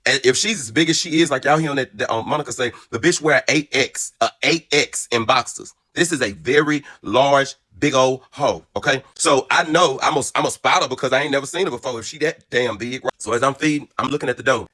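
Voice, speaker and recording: Fast, brassy, profane male storyteller. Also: mid-range voice. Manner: animated, profane, brassy and dramatic; calmer and reflective later on. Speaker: storyteller vlogger. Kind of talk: casual story time.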